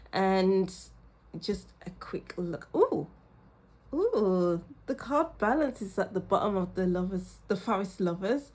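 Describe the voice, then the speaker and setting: A woman's voice: medium pitch, darkish tone. A woman talks her viewers through a tarot spread in a loose, chatty way. She keeps exclaiming and laughing in bursts between her thoughts, sounding a little tired and under the weather but buoyed up. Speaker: tarot reader. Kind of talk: intuitive tarot reading to camera.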